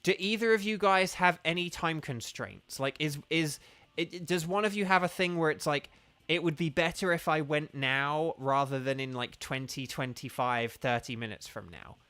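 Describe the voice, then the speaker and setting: A man's voice: fairly high pitch, normal speed, pushed and bright, smooth, no room sound. A man chatting casually with viewers during a live game stream, rambling and organizing who plays next.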